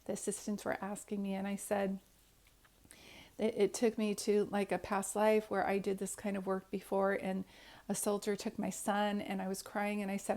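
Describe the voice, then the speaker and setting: Woman psychic medium, storyteller; mellow, low-key, flat delivery, earnest and rambling. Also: normal speed. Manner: earnest, rambling, many restarts. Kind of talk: personal storytelling to camera.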